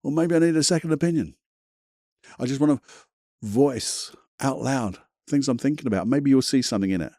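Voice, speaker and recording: A man's voice: mid-range voice, brisk, dark tone, dry recording, clean studio sound. A man hosting a self-help podcast, talking in a blunt, chatty, motivational way with the odd mild swear. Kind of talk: casual motivational monologue.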